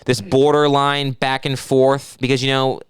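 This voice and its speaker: A man's voice: mid-range voice, little pitch movement, measured pace, smooth, no echo, studio quality. A man co-hosting a comedy podcast, riffing and mocking with lots of swearing. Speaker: podcast co-host. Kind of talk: casual comedic chat.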